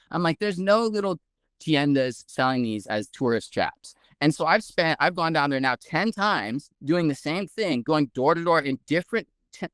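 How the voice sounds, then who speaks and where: A man, a guest researcher, telling a story in a casual, animated way with many "like"s. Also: a little high, smooth, dry recording, studio quality. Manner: animated, heavy use of "like".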